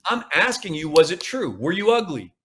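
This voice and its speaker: A man's voice: high voice, big pitch swings, moderate pace, pushed and bright. A man speaking as a podcast guest, coaching with emphatic, repeated phrases. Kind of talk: podcast interview.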